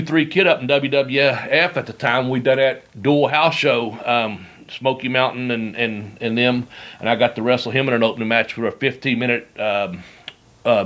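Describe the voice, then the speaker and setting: A man's voice: mid-range voice, fairly bright tone. A middle-aged man hosting a podcast, telling rambling stories in casual chat and laughing as he goes. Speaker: podcast host. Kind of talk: casual storytelling.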